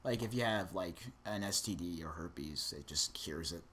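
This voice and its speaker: A man's voice: low-pitched, moderate pace, fairly bright tone, slight background noise. A young man co-hosting a casual podcast, rambling and sarcastic as he talks through a movie plot. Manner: rambling, sarcastic, lots of fillers. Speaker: podcast co-host reviewing a movie.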